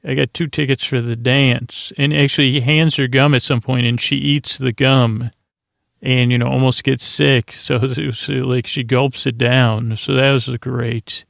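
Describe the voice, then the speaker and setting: A man's voice: mid-range voice, flat delivery, a little slow, creaky, a bit bright, no room sound, studio quality. A man hosting a sleep podcast, recapping a TV episode in a meandering, drowsy way and often losing his place. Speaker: podcast host.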